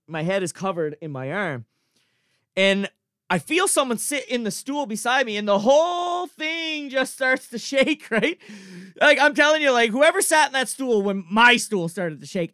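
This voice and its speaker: A man with a Cape Breton accent tells a funny story in a loose, animated way, peppered with swearing, laughter and "like." His voice sits high and rings smooth and clear. The sound is close and dry, with no room around it. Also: no room sound. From Cape Breton, Canada. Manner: animated, profane, laughs often, fills with "like" and "I'm telling you". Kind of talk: casual comic anecdote.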